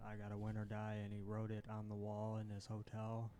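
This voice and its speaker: A man's voice: fairly low pitch, monotone, a little fast, mellow. A man in a casual podcast chat, telling a story in a plain, matter-of-fact way.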